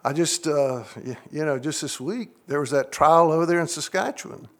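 A middle-aged man preaching in a church, his voice sitting notably high for a man. He delivers his sermon earnestly and keeps turning to the congregation with questions. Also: moderate pace, a bit bright. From United States. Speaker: pastor.

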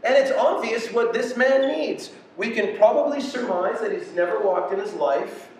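A man preaching a sermon with passion, swinging between quiet and loud delivery. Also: high voice, normal speed, slight background noise. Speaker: pastor. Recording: echoey room from far off.

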